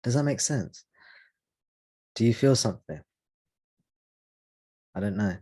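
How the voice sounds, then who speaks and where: Low husky man teaching slowly. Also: expressive, mellow. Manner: slow, reflective, with long pauses. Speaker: satsang teacher. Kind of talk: spiritual talk answering a question.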